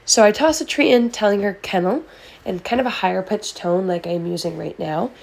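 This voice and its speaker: A woman's voice: medium pitch, expressive, fairly quick, gravelly, darkish tone. A woman dog trainer explains her methods in a friendly, methodical voice-over. She lays out each step plainly, as if guiding a new owner. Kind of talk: instructional voice-over.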